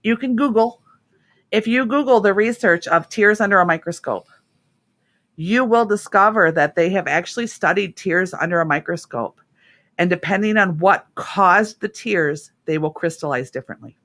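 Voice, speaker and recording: A woman's voice: mid-range voice, expressive, moderate pace. Earnest middle-aged woman host. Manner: earnest, warm storytelling with laughs. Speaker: radio show host and therapist. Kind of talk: casual radio talk.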